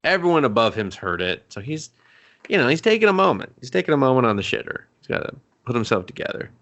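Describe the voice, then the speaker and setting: A man's voice: medium pitch, sing-song, quick pace, a bit bright. A man co-hosting a casual movie review podcast, rambling and riffing on crude jokes. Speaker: podcast co-host.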